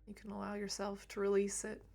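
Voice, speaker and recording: A woman speaking gently and reflectively on a livestream about emotions, laughing lightly now and then. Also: mid-range voice, completely flat delivery, fairly quick, gravelly, soft background music. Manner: soft, reflective, laughs lightly, drops to near whisper at times. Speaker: reiki streamer. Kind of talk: gentle spiritual talk on a livestream.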